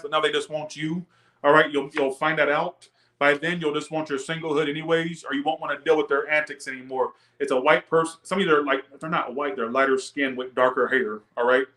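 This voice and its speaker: Young man, tarot reader, animated rant, swears a lot, fairly high voice. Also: a little fast. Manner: ranting, profane, animated; chats with viewers, laughs often. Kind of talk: live-stream tarot reading.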